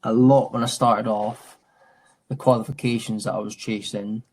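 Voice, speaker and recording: His husky, darkish voice runs on the low side with a steady tone and moderate pace. He's a mountain and adventure training instructor in his thirties, chatty and reflective in an interview, leaning on "mate," fillers, and restarts.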